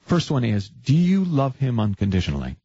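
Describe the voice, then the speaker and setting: A male host of a call-in advice show who asks probing questions and pokes fun at himself, with a husky voice. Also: medium pitch, wildly swooping pitch, brisk, mellow, no room sound, muffled recording. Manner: probing, self-deprecating, restarts often.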